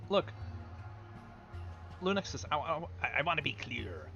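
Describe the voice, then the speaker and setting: A man voicing a gruff male pirate who lectures like a disappointed dad, growling yar and arr. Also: a little high, big pitch swings, a little slow, pushed and bright, muffled recording, soft background music, exaggerated voice. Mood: scolding. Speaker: game streamer.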